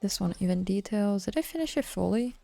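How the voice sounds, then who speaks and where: Gravelly lady streamer rambling over her game, mellow tone, swears casually. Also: mid-range voice, expressive, brisk, faint music behind. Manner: thinks aloud, casual, swears offhand. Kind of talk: live-stream gameplay commentary.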